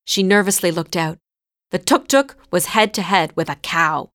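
A woman narrating a scripted story in a clear, measured way. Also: fairly low pitch, lively intonation, a bit bright, no room sound, soft background music.

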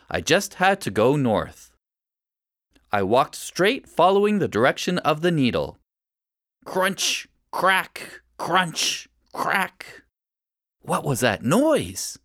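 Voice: mid-range voice, dry recording, studio quality. A storyteller reading a first-person children's story aloud with expression.

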